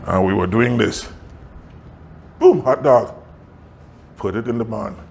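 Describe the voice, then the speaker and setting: A male pastor telling a story in a sermon, animated, often laughing and acting out what people said. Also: fairly low pitch, slow pace, vocal fry.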